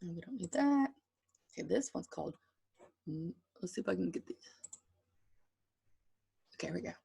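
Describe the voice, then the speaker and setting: A woman's voice: lowish voice, expressive, mellow. A woman teacher giving an online drawing lesson to children, reading a picture book aloud and chatting. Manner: slow and chatty, gravelly. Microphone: computer screen share.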